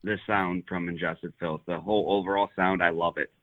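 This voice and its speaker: A man's voice: low voice, fairly even intonation, a little fast. A man from a band in a casual phone interview, eager and stammering through restarts. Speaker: band member. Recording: tinny phone line.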